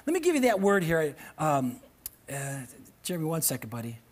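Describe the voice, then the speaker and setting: A male pastor preaching a sermon to a church congregation, animated and often breaking into shouts. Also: high-pitched, unhurried, long pauses. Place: church sanctuary with live audience.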